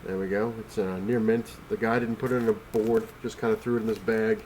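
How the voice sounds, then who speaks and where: A man with a somewhat low voice, sick and short of breath, rambles in a casual home vlog, stumbling through fillers and repeated words. A faint background noise sits under his voice. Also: flat delivery, brisk, darkish tone. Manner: rambling, full of fillers and restarts. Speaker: comic collector vlogger. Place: home, on the couch.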